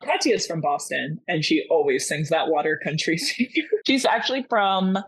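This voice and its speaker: Podcast guest: woman from Massachusetts, lowish voice, lively storyteller who acts out every line. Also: moderate pace, husky. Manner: animated storytelling, acting out dialogue. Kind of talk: casual chat.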